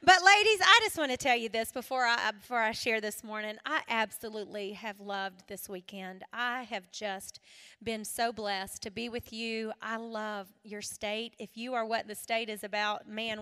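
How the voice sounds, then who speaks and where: A woman from South Carolina with a Southern accent, giving an animated testimony talk to a live audience, laughing often and dropping from loud to hushed. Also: a little high, moderate pace, clear, resonant tone. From South Carolina, USA. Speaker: singer and speaker at a women's event.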